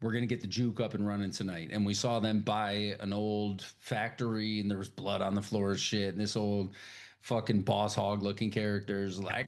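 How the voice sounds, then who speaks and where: A man co-hosting a podcast, chatting casually about a film, swearing a lot and acting out the characters' lines in voices. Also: moderate pace. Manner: animated, profane, acts out character lines in high voices. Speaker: podcast co-host. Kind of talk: casual film review chat.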